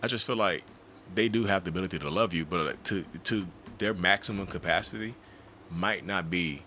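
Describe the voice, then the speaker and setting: A low-voiced man speaks quickly in a relaxed podcast chat, with a bright, forward edge to his tone. He tells stories with energy and keeps breaking into little acted voices. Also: slight background noise. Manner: animated, slips into acted voices. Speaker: podcast guest, mental health advocate. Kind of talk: casual podcast conversation.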